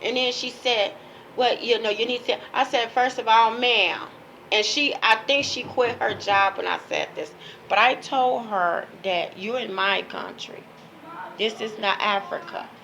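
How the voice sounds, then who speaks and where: A woman's voice: on the high side, unhurried, vocal fry, pushed and bright, a little hiss or hum, rough recording. A woman from Chicago delivering a ranting monologue, emphatic and lecturing, repeating her phrases to press each point. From Chicago, USA. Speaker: page owner.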